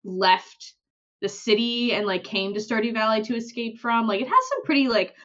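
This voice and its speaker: Animated young woman, dull lo-fi sound. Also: on the high side, moderate pace. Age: young adult. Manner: animated storytelling, acts out characters' lines, laughs often. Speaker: podcast co-host. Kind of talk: casual chat.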